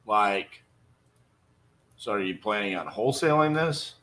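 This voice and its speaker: A man's voice: lowish voice, lively intonation, a little slow, a bit bright, a little hiss or hum, low-quality recording. A young man in casual livestream talk, blunt and conversational, with frequent fillers, between cold calls to sellers. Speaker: real estate wholesaler.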